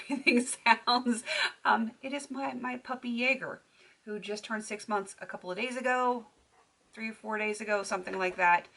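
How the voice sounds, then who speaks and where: A woman's voice: mid-range voice, gravelly, fairly bright tone. A woman beauty vlogger chatting casually to camera at home, laughing often as she talks. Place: home filming room.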